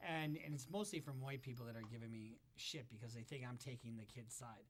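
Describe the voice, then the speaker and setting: A man's voice: mid-range voice, fairly quick, a little hiss or hum. A man hosting casual reaction commentary, talking bluntly and profanely as he thinks aloud. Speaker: commentary host.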